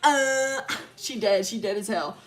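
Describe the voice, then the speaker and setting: A woman's voice: medium pitch, unhurried, faint music behind. A young woman streamer retelling a story casually, rambling and cursing with lots of fillers.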